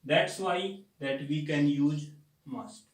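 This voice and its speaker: A male teacher with an Indian English accent, giving a grammar lecture slowly and deliberately and repeating words for emphasis. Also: fairly high pitch, recorded from a distance. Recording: echoey room, voice set back from the mic.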